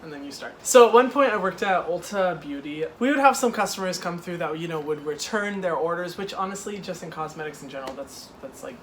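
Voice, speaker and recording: A young man hosting a casual chat, retelling a customer story in an animated, exasperated way with lots of "like". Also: fairly high pitch, fairly quick, hardly any pauses, slight background noise. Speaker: host.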